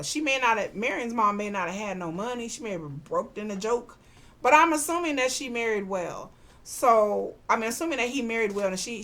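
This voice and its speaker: A woman, casually recapping a TV drama, chatty and animated, acting out the characters' lines with slang asides. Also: medium pitch. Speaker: podcast host recapping a TV drama.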